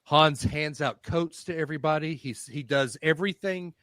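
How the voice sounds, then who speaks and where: A man co-hosting a podcast, telling a long story in casual chat with an animated, rambling manner. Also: on the high side, normal speed, no echo. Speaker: podcast co-host.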